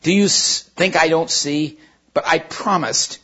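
A man voicing a miserable young boy who struggles to get his words out, then stands up loudly. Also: fairly high pitch, unhurried, lo-fi sound, voice pushed up. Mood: strained. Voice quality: strained, forcing words out.

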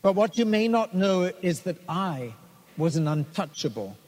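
A man's voice: sits high, very animated, darkish tone, heavily acted. A man voicing a dignified older male surgeon who speaks kindly and earnestly. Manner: earnest, measured testimony. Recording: long hall reverb.

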